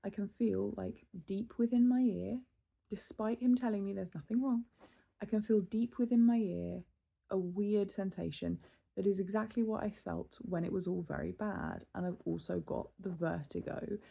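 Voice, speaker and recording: Exasperated woman, 30s, from the UK, gravelly, mellow timbre; vlog rant. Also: mid-range voice, moderate pace. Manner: exasperated, animated storytelling with laughs and sighs. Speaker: vlogger. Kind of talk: casual venting monologue.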